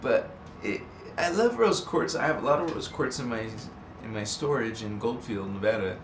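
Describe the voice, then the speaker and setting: A man's voice: mid-range voice, lively intonation, normal speed. A man hosting a casual live stream, playful and laughing often as he greets viewers in the chat. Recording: echoey, distant mic, faint background noise.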